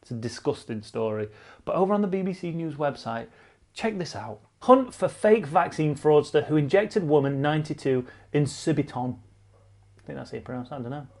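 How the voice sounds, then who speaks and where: A man hosts casual cycling news in a blunt, sarcastic way. His voice sits fairly high, and he swears freely and repeats lines for emphasis. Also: darkish tone. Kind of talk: casual online news commentary.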